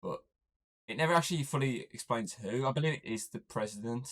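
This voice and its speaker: A man's voice: medium pitch, brisk, a bit bright. A man co-hosting a podcast, casually recapping a movie's plot, swearing freely and joking. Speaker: podcast co-host.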